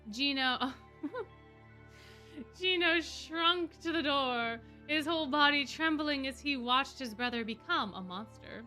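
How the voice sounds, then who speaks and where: Bright-voiced woman reading a story aloud. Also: sits high, slow, faint music behind. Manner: expressive, laughing asides. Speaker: streamer. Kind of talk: reading fan fiction aloud.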